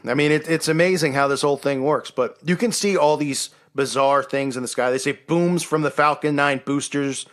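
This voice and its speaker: A man's voice: fairly high pitch, steady tone, moderate pace, hardly any pauses, fairly bright tone. A man hosting a casual monologue show, talking in a sarcastic, mocking way. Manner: sarcastic, mocking impressions of others. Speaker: host.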